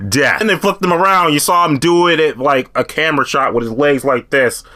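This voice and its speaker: Man, bright tense voice, excitable, profane, casual review chat. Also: fairly high pitch, fairly quick. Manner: excitable, profane, graphic retelling. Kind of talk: casual spoiler discussion.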